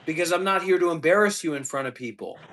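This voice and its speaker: A man's voice: a little high, fast, a bit bright. Blunt lecturing man on a live stream.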